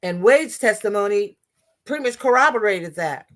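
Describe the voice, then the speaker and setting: A woman's voice: mid-range voice, animated, moderate pace. Blunt, impassioned woman commentator. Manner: emphatic, blunt, profane, with many restarts. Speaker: political commentator.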